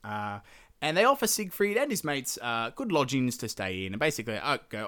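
Give me an animated man hosting a comedy podcast, casual and slangy. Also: medium pitch, brisk. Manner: casual, profane, slangy, laughing asides. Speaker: podcast host. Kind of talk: comedic podcast retelling of a medieval epic.

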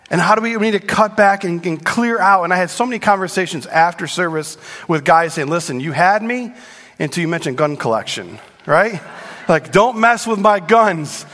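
Middle-aged pastor, high voice, lively and joking, hall reverb. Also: male voice. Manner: animated, joking with the congregation. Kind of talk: sermon. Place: church sanctuary. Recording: long reverb in a large hall.

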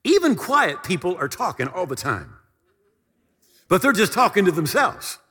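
A man's voice: high voice, big pitch swings, moderate pace, sharp tone, breathy edge, in a large hall. A male pastor preaching a sermon with fervent, emphatic delivery and repeated phrases.

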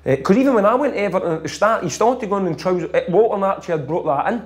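Chatty Scottish former footballer, quick laughs. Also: male voice, sits high. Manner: animated, laughs often while telling stories. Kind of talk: casual storytelling chat.

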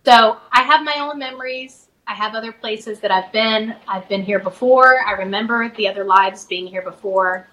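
A middle-aged woman, a spiritual advisor guest, softly and reflectively telling a personal story in a podcast interview, with many fillers and restarts. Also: fairly high pitch, normal speed, hardly any pauses, low-quality recording.

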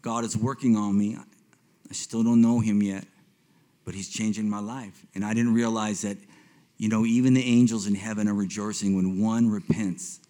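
A man's voice: fairly low pitch, normal speed. Man in his fifties giving testimony. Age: 50s. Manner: swings between hushed and excited, repeats himself. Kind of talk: personal testimony sermon.

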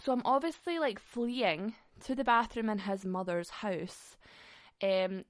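A woman's voice: mid-range voice, dry recording. Give me a young woman telling a candid story, blunt and profane, recorded dry and close. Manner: blunt, profane, often laughing mid-sentence. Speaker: podcast host.

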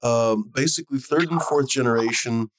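A man's voice: mid-range voice, normal speed, no room sound. Guy rambling round in circles, swears a bit, dead dry sound. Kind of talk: casual chat.

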